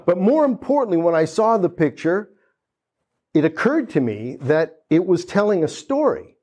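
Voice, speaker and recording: A man in his fifties from the United States tells a comic story to a live audience. His voice sits a little high for a man, and he slips into the voices of the people he quotes. He restarts his sentences often. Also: big pitch swings, moderate pace, a little mellow. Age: 50s. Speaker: speaker at a gallery opening. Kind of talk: storytelling talk.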